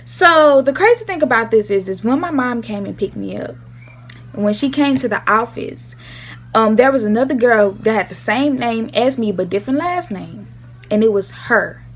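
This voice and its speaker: A woman's voice: fairly high pitch, lively intonation, normal speed, slight background noise. A young woman telling a casual storytime vlog, acting out the voices of the people she quotes. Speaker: vlogger.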